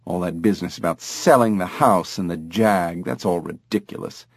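A man's voice: sits low, normal speed, gravelly, no room sound, pitched below the performer's own voice. A man reading an audiobook, voicing an older, well-off woman who brushes off bad news with breezy, chiding remarks. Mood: dismissive.

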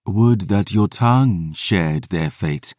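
A man voicing a cold, haughty vampire woman in an audiobook, speaking in a slow, disdainful, formal way. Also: deep voice, darkish tone, no echo, clean studio sound. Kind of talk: audiobook character reading.

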